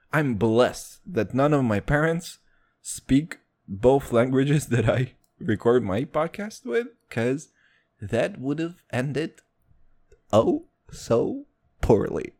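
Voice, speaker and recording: The young host has a darkish tone, speaks slowly, and swings his pitch dramatically. His casual podcast chat wanders from one topic to the next, peppered with profanity and jokes.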